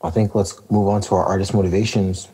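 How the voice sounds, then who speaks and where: A man's voice: deep voice, fairly even intonation, fast talker, mellow, a little hiss or hum, low-quality recording. A man from Calgary co-hosting a casual hip-hop podcast, laid-back, steering the show with short replies. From Calgary, Canada. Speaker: podcast co-host and rapper. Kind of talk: casual chat.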